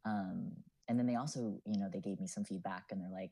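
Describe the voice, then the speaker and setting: A man's voice: deep voice, fairly even intonation, fairly quick, creaky, hardly any pauses, warm tone, a little hiss or hum, rough recording. A man in his twenties, a student writer and podcast guest, talking in an earnest, reflective way with many fillers. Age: 20s. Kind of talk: casual podcast chat.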